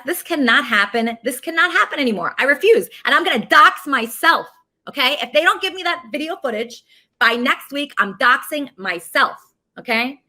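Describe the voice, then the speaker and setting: A woman's voice: a little high, sharp tone. Woman host ranting to her viewers, keeps saying okay?, voice swoops all over. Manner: indignant, frequently adds "okay?". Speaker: show host. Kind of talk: venting monologue to viewers.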